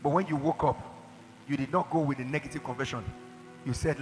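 A man preaching a sermon, emphatic, with shouted declarations and acted-out quotes to his church. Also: mid-range voice, fairly even intonation, fairly quick, faint music behind. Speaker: pastor. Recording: hall reverb.

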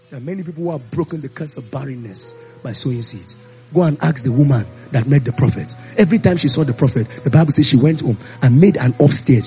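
A man with a somewhat high, creaky voice preaches a sermon, animatedly telling Bible stories and acting out the voices of the characters.

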